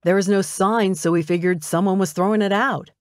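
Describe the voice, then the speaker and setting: A woman's voice: mid-range voice, steady tone, a little fast, a little mellow, no room sound, clean studio sound, lightly acted. A woman voicing a sheepish young man explaining himself apologetically. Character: sheepish young man caught taking a table.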